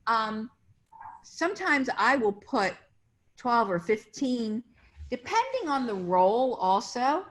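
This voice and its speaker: A woman's voice: a little high, big pitch swings, slow pace. Chatty woman casting director telling stories. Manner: chatty anecdotes, acting out quoted voices. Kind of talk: casual interview storytelling.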